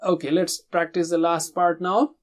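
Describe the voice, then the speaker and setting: A man gives a Tajweed lesson, speaking in a fairly high voice. He stretches each syllable and says it with emphasis, then has the listener repeat after him. His explanations in between come at an even, instructive pace. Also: moderate pace. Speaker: Quran recitation teacher.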